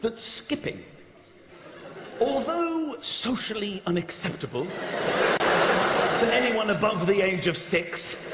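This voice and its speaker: A man doing a stand-up comedy routine in a large theatre, animated, acting out characters and shouting punchlines. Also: sits high, slow pace, long pauses, a loud crowd, very noisy. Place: large theatre stage with audience. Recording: roomy live theatre recording with audience. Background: audience laughter.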